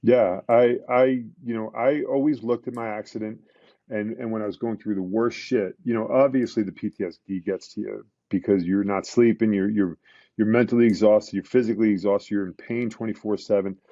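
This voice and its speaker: A man, a retired police detective, telling his story as a guest in a conversational interview, halting with many fillers and restarts. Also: on the low side, fairly even intonation, mellow, no room sound, muffled recording.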